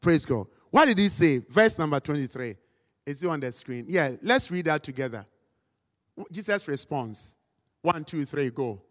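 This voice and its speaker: A man preaching a sermon, dramatic and acting out quotes, sometimes rising to shouts. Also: a little high, expressive, normal speed. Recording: long hall reverb.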